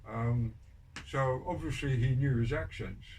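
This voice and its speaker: A man's voice: mid-range voice, a little slow, a little mellow. An older man telling prison stories on a podcast, rambling with many ums and restarts and a dry, wry humor. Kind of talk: casual storytelling interview. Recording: distant mic with background noise.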